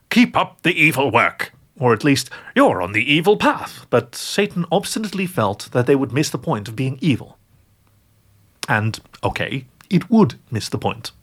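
A man narrating a story aloud in a wry, expressive manner. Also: mid-range voice. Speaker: audiobook narrator. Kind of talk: scripted narration.

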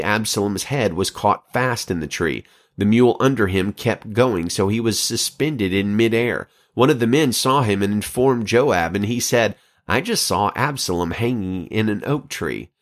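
A man hosting a podcast, reading scripture and an old letter aloud in a measured, earnest way with occasional stumbles. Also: on the low side. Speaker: podcast host.

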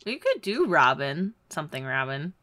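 A woman's voice: low voice, sing-song, moderate pace, fairly bright tone, dry recording. A woman co-hosting a casual brainstorming chat, easygoing and giggly, thinking aloud with many fillers.

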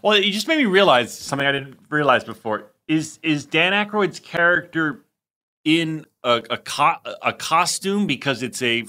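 A man hosting a podcast, talking in relaxed, chatty casual conversation. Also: a little high, normal speed. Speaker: podcast host. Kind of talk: casual chat.

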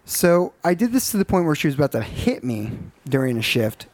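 A man with a slightly high voice tells a story in a matter-of-fact, deadpan way. The recording is dry and close, with no room sound. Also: brisk, no room sound. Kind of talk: casual storytelling.

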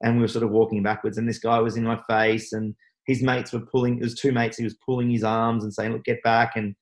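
A man's voice: mid-range voice, level tone, fast, poor audio. Rambling man telling his story. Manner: rambling, full of restarts and fillers. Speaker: guest. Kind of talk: interview storytelling.

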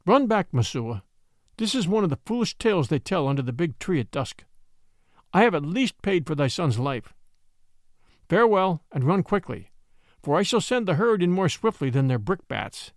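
A man's voice: on the high side, very animated, moderate pace, no room sound, studio quality. A man voicing a proud, defiant boy raised by wolves, speaking boldly and scornfully. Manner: bold, scornful.

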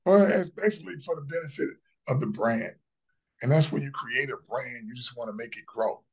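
A man in his fifties talks in a brash, boastful way as a podcast guest, hammering his points home. His voice sits at an ordinary middle pitch for a man. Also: fairly quick, husky. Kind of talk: casual interview talk.

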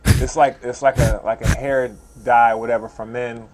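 A man's voice: mid-range voice, level tone, normal speed, a little mellow, slight background noise, poor audio. A man telling a casual story, rambling and full of fillers.

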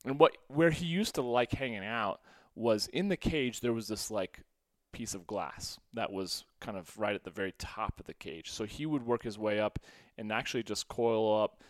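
A podcast host tells a casual story from his own past, quoting himself, laughing often, and swinging between hushed and loud. His voice sits lowish, and the sound is clean studio audio with no room sound.

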